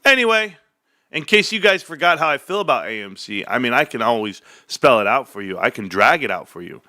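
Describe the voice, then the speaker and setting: A man's voice: mid-range voice, very animated, brisk, sharp tone, dry recording, studio quality. A man hosting his own stock market stream, giving brash, combative and profane commentary.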